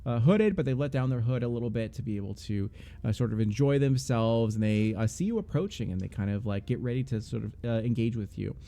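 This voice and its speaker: A man's voice: medium pitch, fast, vocal fry, mellow. A young man narrating as game master, hesitant and full of fillers.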